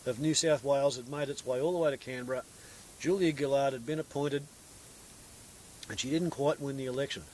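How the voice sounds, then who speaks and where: A man's voice: on the high side, a little hiss or hum, rough recording. An Australian man ranting about politics in an unscripted monologue, sarcastic, crude and scornful. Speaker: political commentator.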